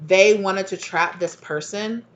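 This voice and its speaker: A woman's voice: medium pitch, a little slow, slight background noise. A woman giving a casual tarot reading, chatty and full of fillers, laughing now and then. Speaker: tarot reader.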